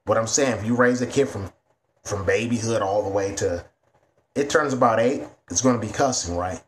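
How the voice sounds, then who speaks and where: A man's voice: fairly low pitch, normal speed, a little hiss or hum. A man ranting to camera in a vlog, blunt and heavy on profanity. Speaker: vlogger.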